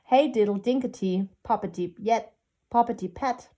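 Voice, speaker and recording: A woman's voice: fairly high pitch, moderate pace, dark tone, lightly acted. A woman voicing a chorus of tiny, cheeky mice who chant nursery rhymes in a sing-song way.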